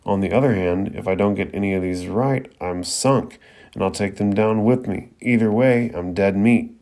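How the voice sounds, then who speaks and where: A man with a fairly low voice, reading the frantic inner thoughts of a panicky teenage boy ninja. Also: normal speed, a little mellow, close to an everyday voice. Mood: worried.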